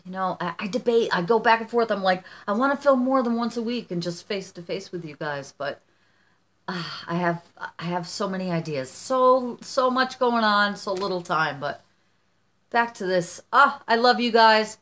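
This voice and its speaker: A woman's voice: mid-range voice, expressive, moderate pace, fairly bright tone. A middle-aged woman from the United States chatting casually on her vlog as she opens fan mail, gushing and rambling with many restarts. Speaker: vlogger.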